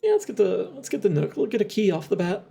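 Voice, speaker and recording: Giggly streamer with a mellow voice. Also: mid-range voice, huge pitch swings, quick pace, creaky, husky, faint music behind. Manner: rambling, giggly, thinks aloud with many fillers. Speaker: game streamer. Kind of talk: casual live-stream chat while playing.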